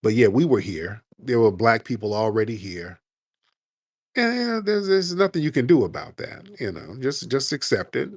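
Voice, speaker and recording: A man's voice: mid-range voice, very animated, normal speed, slightly rough, no echo, clean studio sound. Combative man hosting a debate. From Detroit, USA. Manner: combative, repeats himself, calls the caller sir and dude. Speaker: show host. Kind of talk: heated call-in debate.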